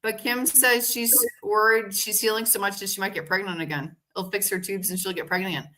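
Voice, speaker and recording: A woman co-hosting a live show, reading out viewer questions in a brisk, upbeat way. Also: medium pitch, steady tone, pushed and bright, poor audio.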